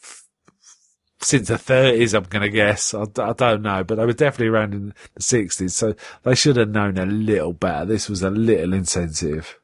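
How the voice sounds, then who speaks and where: A man's voice: on the low side, a little fast, no echo, clean studio sound. A man recapping an old TV episode on a podcast, chatty and full of fillers and restarts, with quotes acted out in a raised voice. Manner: animated retelling, acts out quotes in a raised voice. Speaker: podcast co-host. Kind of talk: casual episode recap chat.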